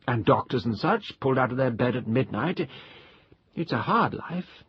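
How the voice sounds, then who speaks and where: Male reader doing a drunk, overly polite gentleman guest, voice raised and husky, in a storybook reading. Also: mid-range voice, lively intonation, normal speed, dry recording. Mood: tipsy, genial. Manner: slurred exaggerated civility, sing-song. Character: tipsy middle-aged gentleman hotel guest, pompous. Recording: dull lo-fi recording.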